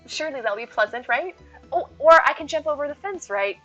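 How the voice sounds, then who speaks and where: A woman's voice: high-pitched, expressive, a little fast, pushed and bright, muffled recording, soft background music. A woman streaming live and chatting with viewers, playful and silly, full of jokes and puns.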